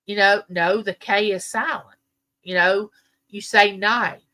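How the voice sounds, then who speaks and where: A woman's voice: medium pitch, steady tone, measured pace, sharp tone. A woman from the American South with a Southern US accent, hosting a casual live chat and telling rambling stories to her viewers. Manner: chatty, rambling storyteller. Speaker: livestream host.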